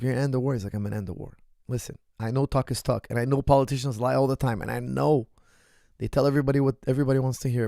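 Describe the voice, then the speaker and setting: A middle-aged martial arts coach answers viewer questions on a livestream, speaking emphatically and constantly checking in with "right?" and "okay?". His medium-pitched voice is creaky and a little mellow, captured in a dry, studio-quality recording.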